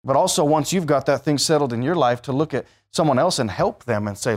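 A man's voice: medium pitch, lively intonation, fairly quick. A man, sounding, preaching a sermon in a conversational way that rises to emphatic bursts and puts questions to the listeners.

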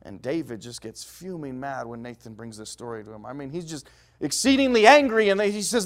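A middle-aged preacher with a notably high voice delivers a storytelling sermon. He climbs to loud, excited peaks and then sinks to near-whispered lows as he works through scripture. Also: brisk. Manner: lively storytelling preaching, swinging from loud highs to hushed lows.

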